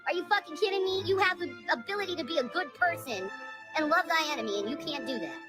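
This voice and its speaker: Woman, high voice, wildly swinging pitch, profane stammering rant, loud old song playing under her. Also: animated, quick pace, poor audio. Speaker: vlogger. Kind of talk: angry ranting monologue. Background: music.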